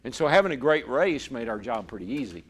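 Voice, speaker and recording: Speaking fast with a breathy edge, this man's medium-pitched voice swings widely in pitch. He's an ex-racer now in broadcasting, vividly recounting a story as an interview guest and repeating words often.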